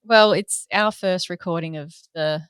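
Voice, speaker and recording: An Australian woman co-hosts a podcast with dry, teasing wit. Her voice is smooth and resonant, a little low. The recording is close and dry. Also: a little slow, fairly bright tone, dry recording. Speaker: podcast co-host. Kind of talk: casual podcast chat.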